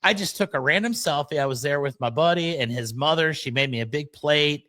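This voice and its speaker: A man hosting a podcast, telling a personal story at an unhurried pace. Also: fairly high pitch, bright, forceful tone, dry recording. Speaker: podcast host.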